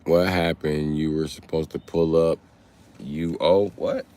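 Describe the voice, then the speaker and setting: A man's voice: extremely low pitch, flat delivery, a little slow, mellow. A young man from the Chicago area chatting casually with viewers on a phone livestream, rambling and profane with streetwise slang. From Chicago area, USA. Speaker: livestream host.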